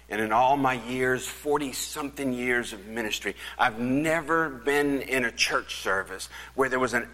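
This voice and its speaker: An older man preaching a sermon as pastor, telling a story and swinging from loud proclamation to hushed whispers. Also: mid-range voice, long reverb tail, rough recording.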